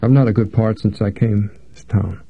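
Audiobook: narrator as a calm, self-assured young actor, low and gravelly, close dry tinny recording. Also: male voice, moderate pace. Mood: self-satisfied. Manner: easy, trained, calm delivery. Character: smooth-talking young man, unemployed actor. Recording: dry, phone-like narrow sound.

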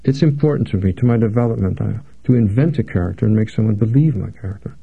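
Audiobook: narrator as a calm, self-assured young actor, low and gravelly, close dry tinny recording. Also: male voice, fast talker. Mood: self-satisfied. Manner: easy, trained, calm delivery. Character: smooth-talking young man, unemployed actor. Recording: dry, phone-like narrow sound.

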